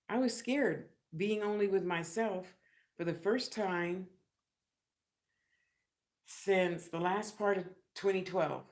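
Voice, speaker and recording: A woman vlogging in a casual, chatty way, telling a long personal story with lots of asides and lively retellings. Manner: chatty, animated, acts out others' lines in a high squeal.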